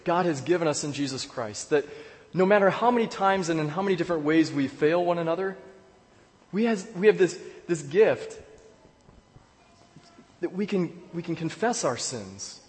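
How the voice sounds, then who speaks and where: A man, a pastor, preaching a sermon as a personal story, with pauses and repeated words. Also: fairly high pitch, expressive. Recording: echoey hall with long reverb.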